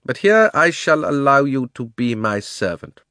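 A man voicing an imperious witch queen who speaks slowly and scornfully, giving cold commands in a storybook reading. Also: medium pitch, very animated, fairly bright tone, no room sound, studio quality, pitched above the performer's own voice. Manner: commanding, scornful, slow and deliberate.

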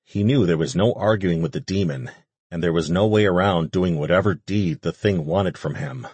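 A man reading an audiobook as narrator, in a steady, measured way. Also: deep voice, breathy edge, no echo. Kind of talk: scripted narration.

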